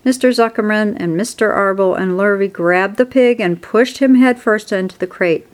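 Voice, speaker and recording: A woman's voice: mid-range voice, normal speed. Woman reading a children's storybook aloud. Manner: expressive, steady narration. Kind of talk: storybook read-aloud narration.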